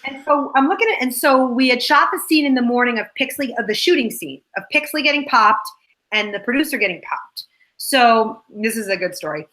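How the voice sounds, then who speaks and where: Bright-voiced woman telling set stories. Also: a little high, expressive, brisk, low-quality recording. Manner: rambling behind-the-scenes storytelling. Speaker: actress, interview guest. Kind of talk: casual chat.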